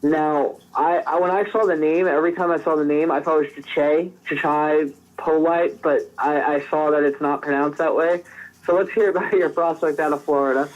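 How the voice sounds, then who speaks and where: A man's voice: fairly high pitch, fairly even intonation, brisk, lo-fi sound. Man co-hosting a draft podcast. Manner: conversational, frequent restarts and fillers. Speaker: podcast co-host. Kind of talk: casual draft analysis.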